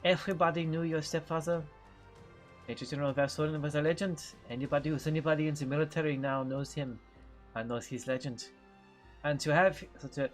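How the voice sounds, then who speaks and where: Sex: man. Figure: man putting on a proud naval captain. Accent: put-on French. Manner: formal, halting. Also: a little high, close to an everyday voice. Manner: formal, halting, with many fillers.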